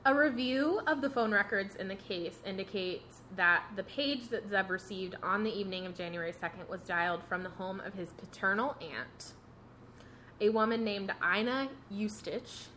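A young woman recounting a true crime case to friends on a podcast, loose and chatty, peppering her talk with "like" and breaking into laughs. Her pitch sits right in the middle of the range. A faint hiss of noise sits under the voice. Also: moderate pace, pushed and bright. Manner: laughs often, lots of "like". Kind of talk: casual chat, storytelling.

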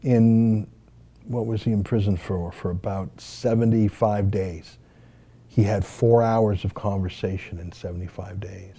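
A man's voice: fairly low pitch, steady tone, a little slow, vocal fry, warm tone, husky. A man from Canada hosting and giving an opinionated, indignant commentary, with rhetorical questions. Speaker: host and commentator.

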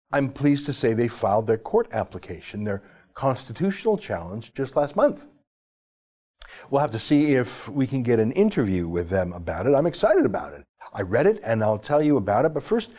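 A man's voice: medium pitch, a little mellow. A man giving opinionated political commentary, emphatic and sarcastic, at times reading legal text aloud.

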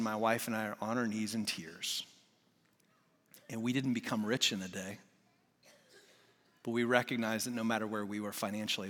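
Brief: forties male preacher, bright forceful tone, dramatic story-driven delivery in a big reverberant church. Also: medium pitch. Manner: passionate storytelling, swings from loud to hushed. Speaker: guest preacher. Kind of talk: sermon.

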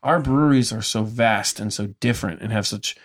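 A man's voice: lowish voice, brisk. A man who owns a brewery tour business, telling stories with enthusiasm in a casual conversation and acting out the dialogue. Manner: enthusiastic storyteller, acts out dialogue.

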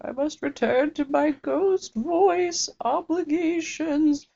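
A woman putting on a mournful female ghost voice, drawn-out, quavering and sing-song. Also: high-pitched, vocal fry, dark tone, dull audio, pitched above the performer's own voice, heavily acted. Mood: wailing. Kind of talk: comedic podcast bit.

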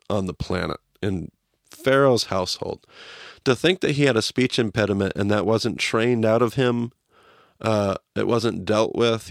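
A man hosting a podcast, teaching a Bible story in a casual, animated way. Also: fairly low pitch, vocal fry, dry recording, clean studio sound. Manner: animated, acts out quotes as he teaches.

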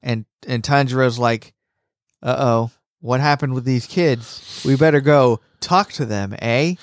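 A man's voice: medium pitch, a little slow, dry recording, studio quality. A man co-hosting an anime review podcast, jokey and swearing freely as he chats. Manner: jokey, swears freely, tosses in silly voices. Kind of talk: casual chat.

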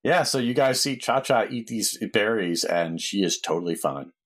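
Husky low-voiced male game master. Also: expressive, normal speed, fairly bright tone. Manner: easygoing, laughs often, casual narration with fillers. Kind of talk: narrating a tabletop game.

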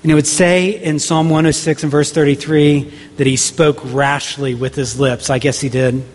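A man's voice: on the high side, little pitch movement, normal speed. Preaching man in a reverberant church. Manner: conversational, rhetorical questions, frequent restarts. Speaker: pastor. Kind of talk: sermon. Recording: long reverb of a large hall.

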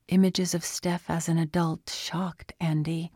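A woman narrating a story in a hushed, unhurried reading voice. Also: fairly low pitch, little pitch movement, no room sound, studio quality. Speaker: audiobook narrator. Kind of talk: scripted narration.

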